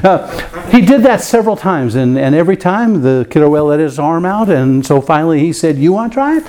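A man preaching in a church, telling a personal story with lots of repeated words and big swings in pitch for emphasis. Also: animated, fairly quick, dark tone. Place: church room with a piano.

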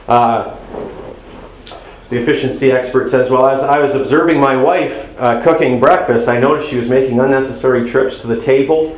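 A man's voice: mid-range voice, steady tone, moderate pace. Man giving a humorous marriage talk, roomy hall. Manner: conversational, humorous, acts out quoted spouses. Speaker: pastor or marriage seminar speaker. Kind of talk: sermon-style marriage talk.

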